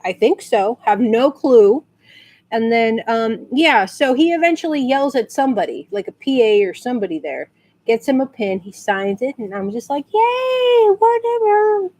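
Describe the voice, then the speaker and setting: A woman's voice: animated, moderate pace, darkish tone. Chatty woman ranting and telling stories. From San Antonio, Texas. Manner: chatty, rambling, acts out quotes in high squeals. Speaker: vlogger. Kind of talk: casual storytelling rant.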